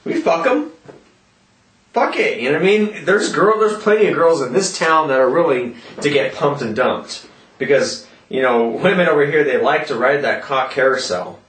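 A man ranting loudly in a vlog, cursing constantly and yelling as he talks, in a roomy echo from a distant mic. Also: a little high, normal speed. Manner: profane, loud, yelling rant. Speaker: vlogger.

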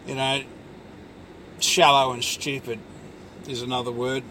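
A man's voice: mid-range voice, flat delivery, unhurried, bright, forceful tone, a little hiss or hum. A man in a rambling personal monologue, ranting angrily and swearing constantly, with lots of fillers. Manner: angry, profane ranting with many fillers.

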